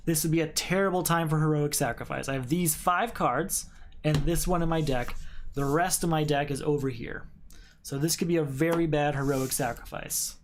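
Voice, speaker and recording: A man's voice: on the high side, steady tone, moderate pace, a little hiss or hum. A man playing a solo card game, thinking aloud as he reads card text and counts points in a casual play-through.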